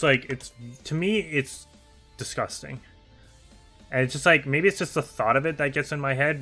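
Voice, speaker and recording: A young man chatting casually on a game livestream, reading viewer messages aloud, talkative and animated with frequent laughter. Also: medium pitch. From United Kingdom. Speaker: streamer.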